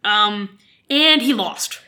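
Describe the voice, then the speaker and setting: A woman from Alberta, co-hosting a podcast and telling history in a casual, joking way with quick asides. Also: mid-range voice. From Canada, Alberta. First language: French. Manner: animated, jokey storytelling, quick asides. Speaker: podcast co-host.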